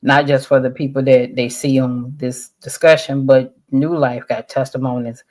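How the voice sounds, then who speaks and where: A speaker on a church discussion panel, earnest and measured, with frequent filler words. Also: mid-range voice, level tone, a little mellow.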